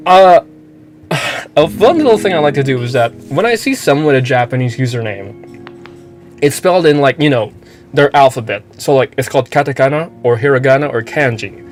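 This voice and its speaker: A man from the Philippines talks with an American-sounding accent, pitched right in the middle for his sex. He rambles through casual game commentary and swears freely as he goes. Faint music plays quietly behind him. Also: expressive, brisk. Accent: American-sounding English. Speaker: streamer playing a game. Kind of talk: casual let's-play commentary.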